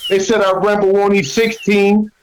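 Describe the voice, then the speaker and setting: A man delivering freestyle rap verses in a steady, rhythmic flow. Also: sits high, normal speed, slight background noise, poor audio. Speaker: freestyle rapper.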